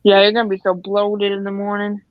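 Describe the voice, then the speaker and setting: A woman co-hosting a livestream, joking and deadpan teasing. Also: medium pitch, brisk, no room sound, narrow, tinny audio. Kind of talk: casual livestream chat.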